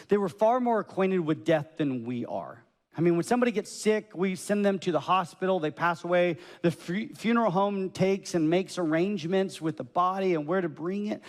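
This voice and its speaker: Lively preacher in an echoey church. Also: male voice, fairly high pitch, creaky. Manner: lively storytelling with acted voices. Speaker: pastor. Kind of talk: sermon. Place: church sanctuary.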